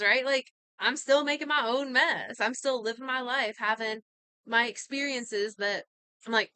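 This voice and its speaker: Woman chatting about healing, bright smooth voice, dry close sound, earnest n chatty. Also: high-pitched, unhurried, no room sound. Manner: earnest, conversational, many asides. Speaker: healing talk host. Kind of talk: casual motivational talk.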